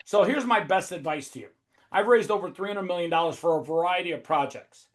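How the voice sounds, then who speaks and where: A man hosting a webinar, talking in a profane, high-energy, emphatic way. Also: expressive, brisk. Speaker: host. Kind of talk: casual webinar talk.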